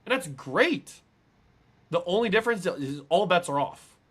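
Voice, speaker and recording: A man co-hosting a casual sports podcast, talking emphatically and building to excited peaks. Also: high voice, a little slow, slightly rough. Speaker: podcast co-host.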